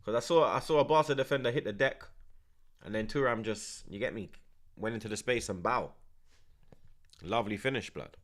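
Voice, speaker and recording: A young man talking through a football watchalong in a relaxed, slangy way. He repeats each phrase and reads out viewers' comments between plays. His voice sits a little low. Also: normal speed, pauses often. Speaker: streamer hosting a watchalong. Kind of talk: live watchalong commentary and chat reading.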